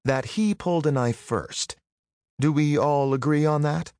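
A man's voice: a little high, a little slow, darkish tone, dry recording, studio quality, pitched above the performer's own voice. A man voicing a brash young woman fighter in an audiobook, mocking and cutting. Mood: coolly theatrical.

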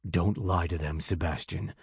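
A man's voice: low-pitched, fairly even intonation, normal speed, slightly rough, no room sound, studio quality, voice pushed down, full character voice. A man voicing a cruel, mocking older brother in an audiobook. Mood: cold mocking. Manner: cold, mocking. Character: cold cruel older brother, male villain.

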